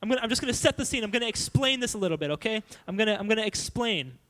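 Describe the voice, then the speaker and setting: A young man giving a playful, animated youth sermon, acting out silly voices as he goes. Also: sits high, very fast. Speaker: youth pastor.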